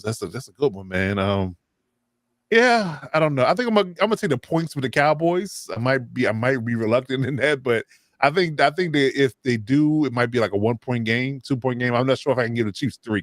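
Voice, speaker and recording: Casting: relaxed male sports show host, mid-pitched voice, dry close sound. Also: brisk, no echo. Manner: upbeat, steers the round of picks, many fillers. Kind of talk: casual sports chat.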